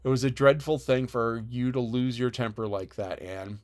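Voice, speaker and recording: A man's voice: mid-range voice, close to an everyday voice. A man voicing a stern middle-aged woman guardian in an audiobook, speaking dryly and with severity. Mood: scolding. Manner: dry, severe, measured. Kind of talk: audiobook character voice.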